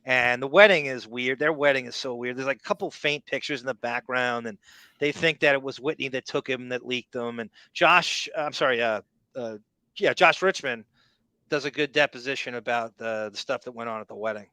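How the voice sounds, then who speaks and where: A man hosts a podcast, talking over clips in a rambling, opinionated way with salty language. His voice is bright and forward, and the sound is dry and close. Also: mid-range voice, fairly quick, no room sound. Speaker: podcast host. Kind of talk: casual commentary over played audio.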